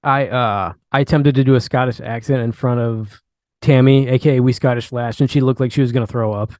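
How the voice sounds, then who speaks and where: A man's voice: mid-range voice, steady tone, brisk, darkish tone, no room sound, studio quality. A man hosting a casual interview over a video call, talking in a laid-back, easygoing way. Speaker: host.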